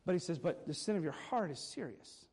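A man's voice: on the high side, very animated, a little fast, a little mellow, husky. A man preaching a morning sermon as pastor, earnest and emphatic, with occasional wry asides.

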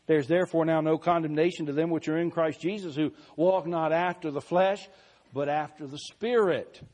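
A man preaching a sermon, reading scripture slowly and deliberately, swelling louder on key phrases and dropping soft. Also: on the high side, fairly even intonation.

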